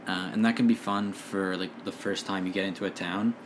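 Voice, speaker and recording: A man who runs a tabletop game, talking in a relaxed, rambling way with lots of fillers. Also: low voice, a little fast, background noise. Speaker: dungeon master. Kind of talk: casual podcast chat.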